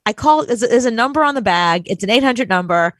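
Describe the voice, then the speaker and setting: A woman co-hosting a chat show, telling a story in an animated, exasperated way and acting out quotes. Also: fairly high pitch, fast talker, dry recording. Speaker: podcast co-host.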